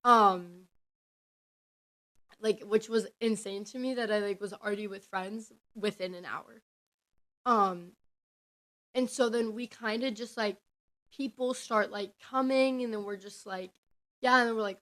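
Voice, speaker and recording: A woman's voice: medium pitch, measured pace, long pauses, fairly bright tone. A young woman, telling a story on her podcast in a rambling, chatty way full of "like"s. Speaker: podcast host. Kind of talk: casual storytelling.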